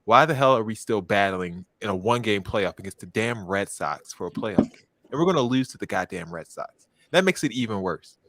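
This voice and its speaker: A man from Baltimore co-hosting a casual podcast, ranting with plenty of swearing and quick self-corrections. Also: lowish voice, animated, a bit bright, no echo. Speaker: podcast co-host. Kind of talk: casual chat.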